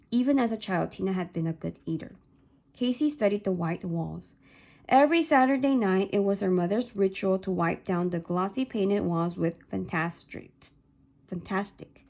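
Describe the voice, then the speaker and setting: Gravelly-voiced woman reading a novel aloud. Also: mid-range voice, a little mellow. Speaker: reader of a novel.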